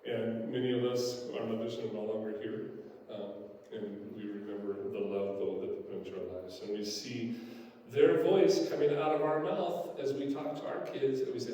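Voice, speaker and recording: Older pastor, mellow, echoing hall. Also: male voice, mid-range voice, normal speed. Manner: folksy, anecdotal storytelling with filler words. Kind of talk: sermon. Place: church sanctuary. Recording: echoey church hall, distant mic.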